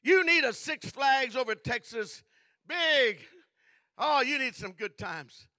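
A smooth, wheedling devil pitches deal after deal in a very high, bright voice, as a male preacher puts him on. The sound is dry and close. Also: animated, takes it slowly, no echo, exaggerated voice. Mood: pushy. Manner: coaxing sales pitch, bargaining. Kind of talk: acted-out sermon scene.

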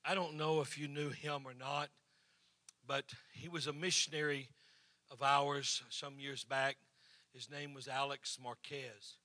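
A man's voice: medium pitch, flat delivery, a little slow, bright, forceful tone, no room sound. A man, a pastor telling a story in a sermon to his congregation and acting out the people in it. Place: church, in front of a congregation.

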